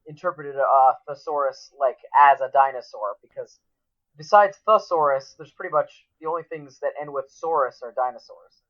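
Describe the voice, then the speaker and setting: A man co-hosting a casual podcast, riffing on movie references with quick asides. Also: on the high side, a bit bright, dull audio. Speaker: podcast co-host.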